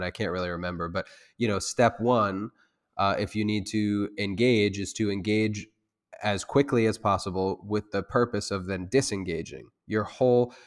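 A man with a fairly low voice talks through an interview as a self-defense instructor. He rambles, restarts his sentences and leans on fillers. He turns loud and heated when he drives a point home. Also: clear, resonant tone. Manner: loose, rambling talk with many restarts and fillers. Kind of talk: conversational interview.

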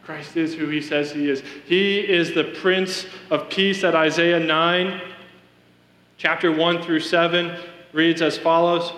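Male preacher, high bright tone, earnest testimony, roomy church reverb. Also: level tone, slow. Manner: earnest storytelling, addresses congregation directly. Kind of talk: sermon. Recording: echoey hall reverb.

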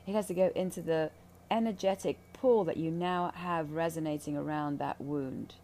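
A woman's voice: low voice, fairly even intonation, normal speed, dark tone, a little hiss or hum. A woman who guides ayahuasca ceremonies, talking candidly about spiritual healing in a blunt, intense, profane way.

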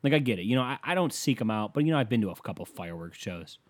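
A male comedian with a lowish voice races through a profane stand-up rant. He rambles and swears in a lively way.

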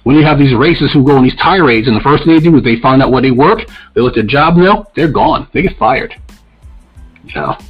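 A man talks bluntly and profanely as a podcast co-host, ranting in a casual, opinionated way. His voice sits at an ordinary middle pitch. The audio is dull and lo-fi, with faint music underneath. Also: lively intonation, brisk, breathy edge.

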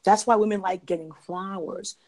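A woman's voice: mid-range voice, fairly even intonation, moderate pace, a little mellow. A woman on a podcast, giving emphatic relationship advice in a casual, conversational way. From parents from Jamaica.

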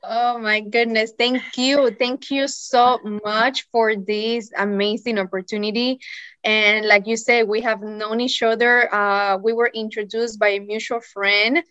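Slow-spoken woman guest, laughing often. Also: a little high, flat delivery, a bit bright, smooth, dry recording, dull audio. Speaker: podcast guest, yoga teacher. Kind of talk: casual chat. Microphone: video call.

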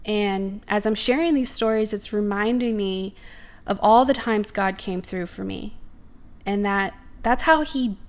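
A woman's voice: medium pitch, measured pace. Earnest young woman. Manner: earnest, storytelling, emphatic. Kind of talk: personal faith testimony.

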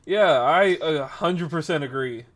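A young man casually telling a workplace story on a stream, acting out the people in it and getting loud at times. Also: a little high, unhurried. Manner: animated, acts out quoted voices, rises to loud outbursts.

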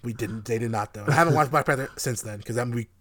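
A man's voice: medium pitch, fast talker. A man co-hosting a casual podcast about a movie, swearing freely and laughing often as he rants. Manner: animated, profane, laughing often. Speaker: podcast co-host. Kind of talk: casual movie review chat.

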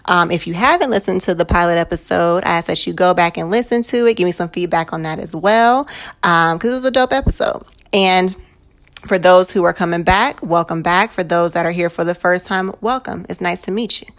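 A woman's voice: fairly low pitch, fairly quick. A young woman hosting her own solo podcast, talking casually with lots of slang and frequent laughter. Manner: chatty, slangy, laughs often. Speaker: podcast host.

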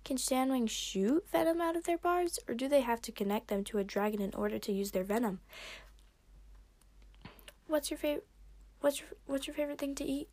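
Woman reader as a chatty young girl dragon, high and quick, storybook reading. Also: animated, darkish tone. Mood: excited. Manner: fast, eager questioning. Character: bubbly young female rainwing dragon, chatty. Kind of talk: fan fiction reading.

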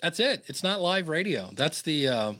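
A man talking as a guest in a casual podcast interview, telling lively stories and slipping into playful voices. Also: a little high, normal speed, dry recording, studio quality. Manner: lively storyteller who slips into playful voices.

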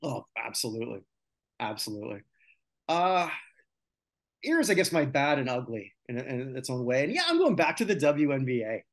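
A man's voice: a little high, very animated, normal speed. A man hosting a casual sports talk podcast, venting his opinions with lots of filler sounds. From North America. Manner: opinionated, ranting, many filler "uh"s. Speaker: podcast host.

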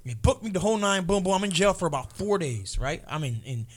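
A man in his forties telling a story in casual chat, acting out the people in it with loud, mocking voices. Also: high voice, expressive, quick pace.

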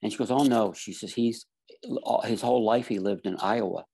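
Gravelly, husky-voiced man telling a story. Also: lowish voice, moderate pace, warm tone. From Florida. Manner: earnest storyteller, acts out quoted dialogue. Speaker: guest telling a personal story. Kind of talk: casual storytelling.

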